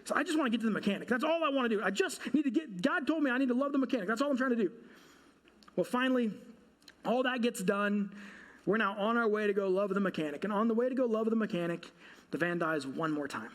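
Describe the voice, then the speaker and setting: A married man, a pastor, preaching a sermon through a funny personal story, animated and quizzing his listeners along the way. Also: high-pitched, fast talker. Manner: comic, animated storytelling with audience questions.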